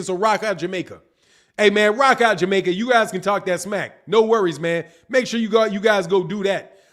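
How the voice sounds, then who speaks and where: A man hosting a casual boxing live stream, reading viewers' chat messages aloud in a slangy, animated way and laughing often. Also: high voice.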